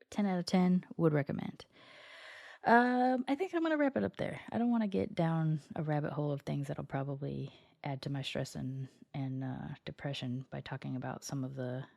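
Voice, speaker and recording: Solo podcast host, scratchy morning voice, mid pitch, chatty and meandering, dry close sound. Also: vocal fry, a little mellow, no room sound. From United States. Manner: chatty and meandering, often circling back mid-sentence. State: scratchy voice from just waking up. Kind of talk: casual solo podcast monologue.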